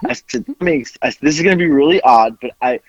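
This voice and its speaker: A man's voice: mid-range voice, lively intonation, fast talker, dry recording. A man hosting a podcast, telling a story with lots of swearing and acting out both sides of a phone call. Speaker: podcast host.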